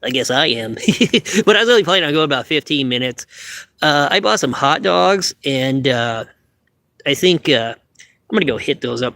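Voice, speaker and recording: A man's voice: medium pitch, expressive, normal speed, gravelly, bright, forceful tone, dry recording. A man hosting a casual late-night livestream from a parked car, rambling offhandedly with some cursing, recorded on a phone. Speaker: livestream host.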